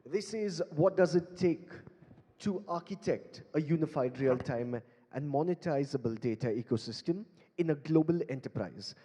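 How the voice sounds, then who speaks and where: A man's voice: on the high side, expressive, moderate pace, mellow, slightly rough. A man with an Indian English accent hosting a live conference on stage as emcee and beatboxer, playfully coaxing the audience to join in. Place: large conference hall stage. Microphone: handheld stage mic. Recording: long hall reverb.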